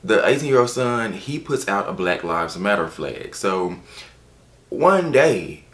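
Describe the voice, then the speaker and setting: Low-voiced, chatty man reviewing books. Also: a little slow, reverberant. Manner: chatty, animated, with playful asides. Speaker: book reviewer. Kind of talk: casual book review vlog.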